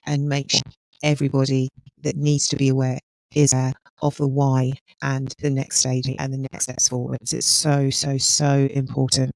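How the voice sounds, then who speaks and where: A woman hosting a solo podcast, speaking in a measured way and putting reflective questions to her listeners. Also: rumbling low, gravelly, darkish tone, dry recording, poor audio. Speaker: podcast host and healthcare consultant.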